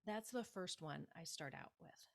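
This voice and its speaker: A woman speaking as a public speaking coach in an interview, giving emphatic, animated advice and acting out example phrases. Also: on the low side, unhurried, creaky.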